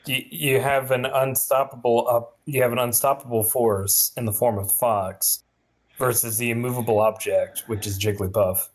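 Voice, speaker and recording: A young man commentating a video game match with friends in a relaxed, joking way. He often stammers through restarts. His voice sits at an ordinary middle pitch. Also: moderate pace.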